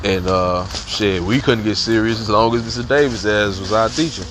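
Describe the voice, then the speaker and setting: A man's voice: on the low side, normal speed, noisy background. A man, hosting a podcast and telling school stories in a laid-back, profane, joking way. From Chicago. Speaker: podcast host. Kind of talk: casual storytelling.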